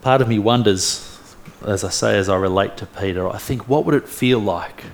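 A man preaching a sermon, retelling a story in a lively way with humorous asides. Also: lowish voice, moderate pace, gravelly.

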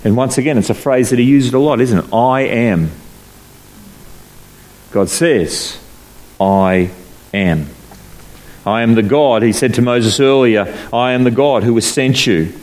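A pastor preaches a sermon to a congregation in a church hall, alternating between low, solemn passages and raised, emphatic ones. He slows down to stress key phrases from scripture.

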